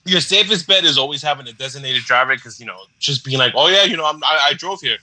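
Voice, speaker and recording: A man's voice: medium pitch, expressive, fast talker, pushed and bright, no echo, low-quality recording. A man co-hosting a podcast, chatting casually in slangy speech. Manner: laid-back storytelling with slang and cursing. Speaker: podcast co-host.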